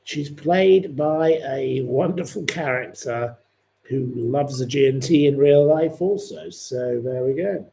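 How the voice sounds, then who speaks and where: A man's voice: medium pitch, slow pace, vocal fry, warm tone. A man hosting a live-stream quiz, chatting in a rambling, opinionated way between questions. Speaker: livestream host.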